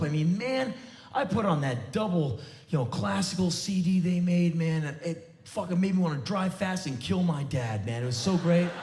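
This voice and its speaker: A man performing a profane, sarcastic live stand-up monologue on a theater stage. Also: sits high. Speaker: spoken word performer. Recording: echoey live theater recording.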